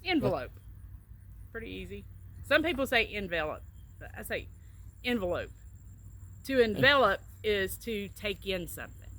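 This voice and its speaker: A woman's voice: medium pitch, normal speed, bright, forceful tone. A middle-aged woman from Alabama with a Southern drawl, chatting casually as a co-host and explaining how she says words with little anecdotes. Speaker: co-host, travel agent. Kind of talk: casual accent-tag chat.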